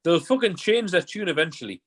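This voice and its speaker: Husky, high-voiced male podcast guest. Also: sing-song, fairly quick. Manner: wry, provocative, swears freely. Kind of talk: casual banter over beers.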